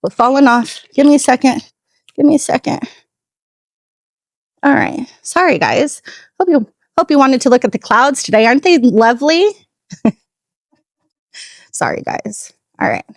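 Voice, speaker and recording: She's filming a casual vlog on a tripod-mounted phone while detailing her car in the driveway at home, full of sass and ranting tangents. Her voice is high and animated, at a measured pace with plenty of pauses, and the sound is echo-free.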